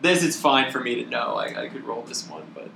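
A man playing in a tabletop game, with a deadpan, formal manner in character. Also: mid-range voice, brisk, gravelly, echoey room, very noisy. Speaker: player.

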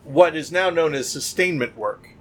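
A man's voice: a little high, expressive, moderate pace. A man co-hosting a casual podcast chat, telling work anecdotes animatedly and acting out the quotes in a loose, restarting way. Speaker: podcast co-host.

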